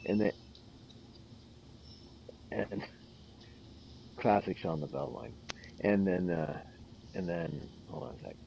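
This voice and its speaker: A man with a low, creaky voice at normal speed hosts a gaming stream, chatting casually while he plays. He rambles through funny stories and laughs often, on a lo-fi recording with a noisy background.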